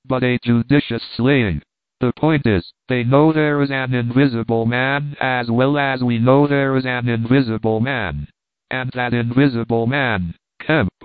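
A man's voice: mid-range voice, no echo, close to an everyday voice. A man voicing a cold, scheming invisible man who plots a reign of terror, on dry, phone-like audio. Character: ruthless scheming invisible man, adult male.

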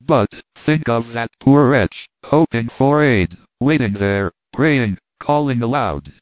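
A man's voice: mid-range voice, lively intonation, slow, no room sound. A man voicing a bold, impatient hunter who speaks with urgency and eagerness. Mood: urgent. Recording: tinny phone-like dry sound.

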